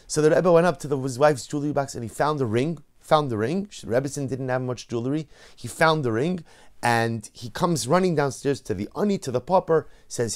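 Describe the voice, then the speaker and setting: Animated man telling a sermon story. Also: mid-range voice, brisk.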